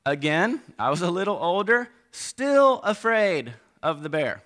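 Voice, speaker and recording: A middle-aged man preaching a sermon, animated, swinging between loud emphasis and quiet asides. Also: high-pitched, a little slow.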